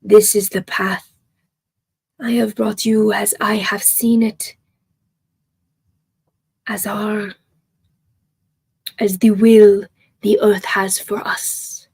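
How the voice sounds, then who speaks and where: A woman voicing a small, solemn old male tribal chief who speaks in slow, hushed pronouncements. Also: mid-range voice, little pitch movement, vocal fry, slightly rough, exaggerated voice.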